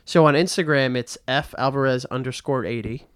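A man guesting in a casual chat, jokey and quick to laugh. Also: medium pitch, fairly bright tone, smooth, no echo, studio quality.

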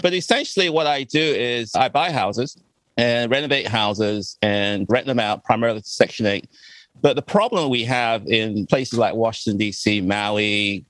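A man's voice: fairly low pitch, moderate pace, a bit bright, no room sound, rough recording. An older man from Ghana, a real estate investor chatting as a podcast guest, laughing easily. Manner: good-humored, laughs easily. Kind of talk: casual podcast interview.

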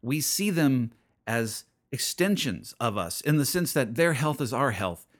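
A man's voice: mid-range voice, big pitch swings, unhurried. A man hosting a radio show, preaching in an earnest, conversational way and often repeating his phrases. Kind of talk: radio sermon.

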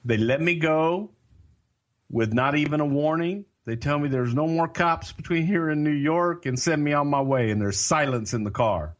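A man telling a story in casual chat, animated and self-mocking, acting out other people's lines. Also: fairly high pitch, moderate pace. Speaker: storyteller guest.

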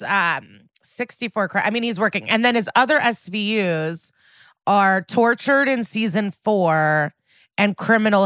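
Opinionated woman co-host, mid pitch. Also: dry recording. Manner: opinionated, animated, frequent "like". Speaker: podcast co-host. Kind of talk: casual chat.

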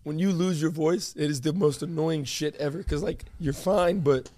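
A young man co-hosting a podcast, hoarse from being sick, chatting and joking in a studio. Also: a little high, moderate pace, no echo. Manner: animated, joking. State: hoarse from illness. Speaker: podcast co-host. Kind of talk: casual podcast chat.

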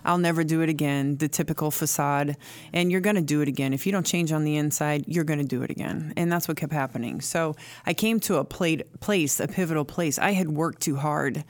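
A woman's voice: low voice, fairly quick, dry recording. A woman telling her own recovery story in an earnest, emphatic way, repeating key phrases. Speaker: guest sharing recovery story. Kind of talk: candid personal testimony.

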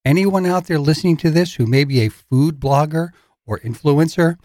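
A man's voice: a little high, normal speed, a little mellow, no room sound. A middle-aged man co-hosting a casual podcast, rambling and dropping joking asides, on a close studio mic. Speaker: podcast co-host.

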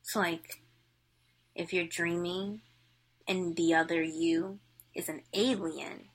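Bubbly excitable female podcast co-host. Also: on the low side, slow pace. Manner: bubbly, excitable, laughs often. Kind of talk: casual chat.

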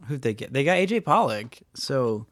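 A man's voice: medium pitch, very animated, moderate pace, dry recording. A man co-hosting a casual sports podcast, talking in a chatty, joking way with lots of fillers. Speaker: podcast co-host.

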